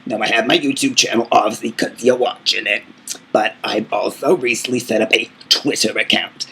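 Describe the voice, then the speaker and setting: A man's voice: medium pitch, fairly even intonation, normal speed, vocal fry, pushed and bright, a little hiss or hum, rough recording. A man playing a vain, aging female diva singer who boastfully calls everyone darling while answering fan questions in a comedic vlog. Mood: self-important.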